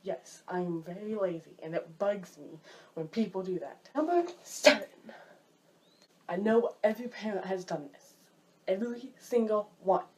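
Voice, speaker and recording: A woman talking casually to camera in a vlog, animated, jumping high when she mimics people and dropping low for asides. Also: moderate pace, slight background noise. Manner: drops low and quiet for asides. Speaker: vlogger.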